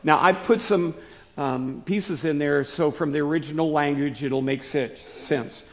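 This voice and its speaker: Hoarse pastor preaching a sermon. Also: male voice, a little high, a little slow. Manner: questions the listeners often, coughs now and then.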